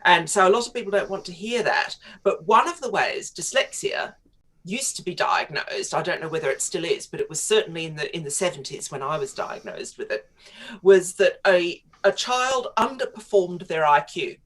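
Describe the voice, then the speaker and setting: A woman's voice: lowish voice, expressive, moderate pace, a bit bright. A middle-aged woman, a writer interviewed on talk radio, telling stories in a chatty way with frequent laughs. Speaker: guest writer.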